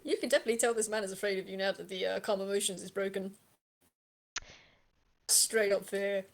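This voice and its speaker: Halting woman game master narrating. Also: medium pitch, steady tone, creaky. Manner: halting, full of "um" and restarts. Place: home.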